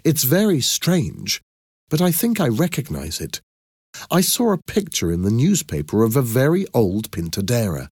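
A man reading an audiobook and voicing a calm, reassuring woman. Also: mid-range voice, moderate pace, husky, dry recording, clean studio sound, pitched above the performer's own voice. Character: calm, caring woman living in the city.

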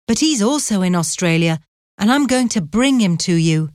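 A woman voicing a gentle, devoted young daughter who speaks softly and tenderly. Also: mid-range voice, lively intonation, moderate pace, dry recording, studio quality, close to an everyday voice. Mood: earnest, loving. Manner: soft, tender speech.

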